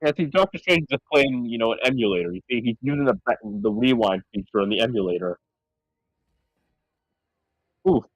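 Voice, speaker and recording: A man's voice: mid-range voice, animated, fast talker, dry recording, poor audio. A man co-hosting a podcast, making rambling, sarcastic asides while watching a movie. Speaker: podcast co-host. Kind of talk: casual movie-riffing chat.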